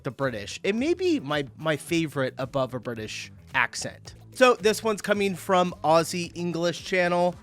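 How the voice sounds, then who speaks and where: A man from Tennessee hosting a reaction video, chatty and excitable, who laughs often as he comments. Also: on the high side. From Tennessee, USA.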